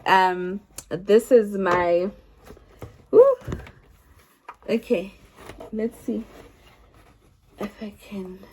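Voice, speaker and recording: A woman's voice: medium pitch, darkish tone. A young South African woman telling her own story to the camera in a chatty way, often restarting her sentences. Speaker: vlogger.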